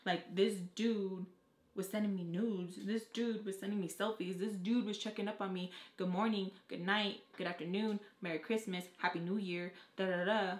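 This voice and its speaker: A young adult woman telling a storytime vlog, talking fast and casually, with plenty of "like" and frequent swearing. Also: medium pitch, steady tone. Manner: fast casual talk, heavy on "like", swears freely. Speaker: vlogger. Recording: echoey room.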